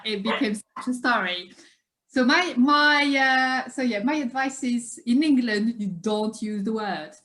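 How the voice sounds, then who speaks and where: Brief: woman guest, chatty storyteller, mid-pitched, laughs easily. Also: fairly bright tone. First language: French. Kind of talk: casual conversation.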